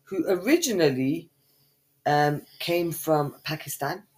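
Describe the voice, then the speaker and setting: A woman's voice: low voice, animated, slow, darkish tone. A woman, co-hosting a podcast in foul-mouthed, mock-insulting banter. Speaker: podcast co-host.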